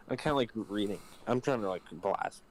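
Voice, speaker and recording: A man's voice: lowish voice, normal speed, rough recording. A man chatting on a livestream who talks hesitantly and often trails off. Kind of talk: casual livestream chat.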